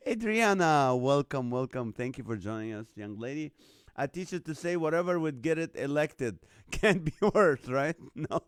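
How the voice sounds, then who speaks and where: A man hosting a casual live stream, reading out viewer comments, chuckling often and turning quiet when serious. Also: expressive, takes it slowly, dry recording, studio quality. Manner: drops quiet and low when serious, lifts loud for jokes. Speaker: host of a live show.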